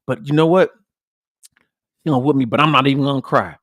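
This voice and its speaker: A man hosting a podcast, chatting casually with his viewers in a blunt, profane, animated way and repeating his points for emphasis. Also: medium pitch, fast, no room sound. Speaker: podcast host. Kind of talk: casual livestream chat with viewers.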